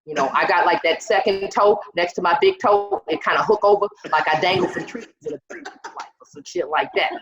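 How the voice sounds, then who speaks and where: A woman's voice: lowish voice, expressive, brisk, background noise. A woman stand-up comedian, telling a profane story and acting out the quotes herself. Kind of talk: stand-up comedy set over video call. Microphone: video call. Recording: roomy, dull video call audio.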